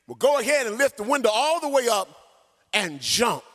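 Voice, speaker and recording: A man's voice: very high voice, big pitch swings, normal speed, fairly bright tone, pitched above the performer's own voice, heavily acted. A man preacher playing a desperate father who urges and coaxes his son, commanding and insistent. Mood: urgent coaxing. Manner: urgent, commanding. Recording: long church hall reverb.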